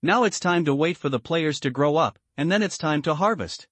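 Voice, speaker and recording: A man reading a translated comic story aloud as a recap narrator, in a steady, even manner. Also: on the high side, brisk, no room sound.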